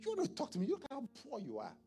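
A man voicing an arrogant rich man who sneers at the poor, shouting and sputtering over his own words. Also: huge pitch swings, very fast, vocal fry, soft background music, exaggerated voice. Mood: haughty. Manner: shrill, shouting, sputtering and repeating himself.

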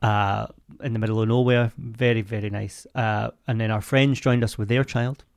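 A man, co-hosting a podcast in relaxed, wry casual chat. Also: fairly low pitch, normal speed, gravelly, dry recording, studio quality. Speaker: podcast co-host.

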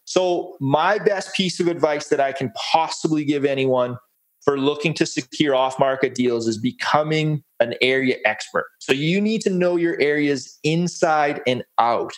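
A man's voice: on the high side, moderate pace. A man presenting a real estate case study on a webinar, upbeat and folksy, walking through steps. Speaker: guest presenter.

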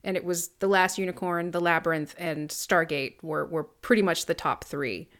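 A woman's voice: on the low side, moderate pace, a bit bright. A woman co-hosting a casual podcast chat, frank and laughing easily. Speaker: podcast co-host.

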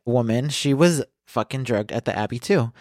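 A man co-hosting a podcast, reading the news and telling stories in casual chat, swearing often and acting out quotes loudly. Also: mid-range voice, moderate pace, no room sound, clean studio sound. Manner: animated, swears a lot, acts out quotes loudly. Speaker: podcast co-host.

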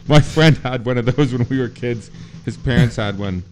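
A man's voice: medium pitch, darkish tone. A man co-hosting a casual movie podcast, telling scenes animatedly and swearing freely. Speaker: podcast co-host.

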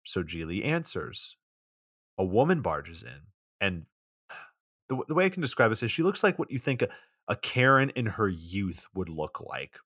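A man's voice: on the low side, sing-song, moderate pace, a bit bright, husky, no room sound, studio quality. A man co-hosting a podcast, casually recapping a bad movie in a rambling, profane way full of "like". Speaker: podcast co-host.

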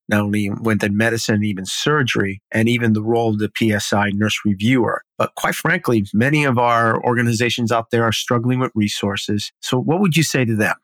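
A man's voice: lowish voice, a bit bright, no room sound. A man hosting a podcast, asking inquisitive, conversational interview questions.

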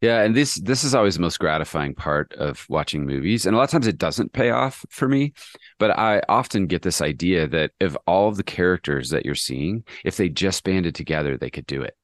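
A man's voice: sits low, animated, fairly quick, no echo. A man co-hosting a podcast, chatting casually and enthusiastically, with rambling asides and fillers. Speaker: podcast co-host.

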